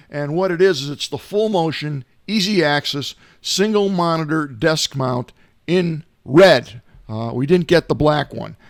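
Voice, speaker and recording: A middle-aged man talks through gadgets and free apps in a loose, rambling way, with plenty of uhs. His voice sits a little high for a man. It sounds dry and close, recorded at home. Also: no echo. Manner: rambling, folksy, many filler uhs. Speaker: tech show host. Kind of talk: casual tech gadget talk. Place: home, not in the studio.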